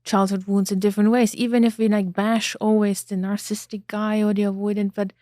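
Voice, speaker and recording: Woman, podcast host, mellow tone, dry close mic. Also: mid-range voice, flat delivery, a little fast, no echo. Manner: reflective, searching for words. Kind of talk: interview conversation.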